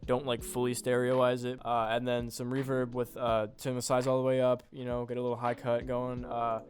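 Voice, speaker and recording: A man's voice: medium pitch, monotone, moderate pace. A young man casually walking through how he made a beat, laid-back and rambling, with offhand swearing. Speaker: beat producer. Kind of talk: casual screen-recorded tutorial.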